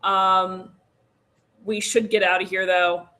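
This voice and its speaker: A woman's voice: mid-range voice, flat delivery, slow, bright, forceful tone. A woman co-hosting a casual livestream, rambling and joking with fillers as she wraps up. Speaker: podcast co-host.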